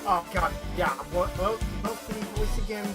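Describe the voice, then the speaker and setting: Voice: mid-range voice, steady tone, normal speed. A streamer chatting and explaining tactics while friends play a game. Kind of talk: let's play commentary. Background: game music.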